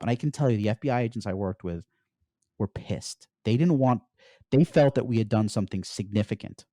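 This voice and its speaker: Brief: middle-aged man, low mellow voice, dry close sound, animated interview storyteller. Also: dry recording. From United States. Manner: animated storyteller, peppers speech with "like". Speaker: podcast guest.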